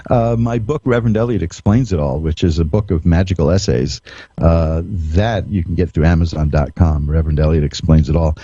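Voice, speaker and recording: A low, mellow male voice telling homespun stories as a radio psychic host, chuckling and restarting his sentences. The sound is dull and lo-fi, like a streamed radio broadcast. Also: no room sound. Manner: folksy storytelling with chuckles and frequent restarts. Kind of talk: radio monologue, anecdotal.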